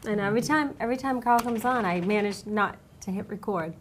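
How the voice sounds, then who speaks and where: A woman's voice: medium pitch, fairly quick, background noise. A woman hosting a talk show as a spirit medium, chatty and upbeat as she leads the conversation in a studio. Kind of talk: casual chat.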